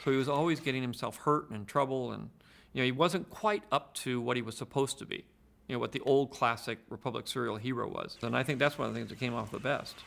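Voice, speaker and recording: A man with a gravelly, mid-range voice talks quickly and analytically. His speech has a lot of fry. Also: mid-range voice, a bit bright. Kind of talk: documentary interview.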